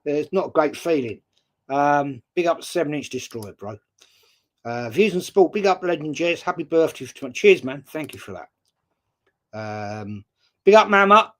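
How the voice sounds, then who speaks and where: A man's voice: on the high side, sing-song, normal speed, fairly bright tone. Chatty sixty-something English man. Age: 60s. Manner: chatty storyteller, swears casually, greets viewers by name. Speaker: live stream host. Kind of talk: casual chat reading viewer comments.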